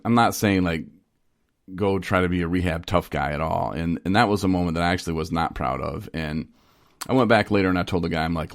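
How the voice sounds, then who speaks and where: A man's voice: low voice, fairly quick, no room sound. A young man co-hosting a podcast in casual chat, telling candid stories in a rambling way with frequent restarts, speaking into a studio microphone. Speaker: podcast co-host.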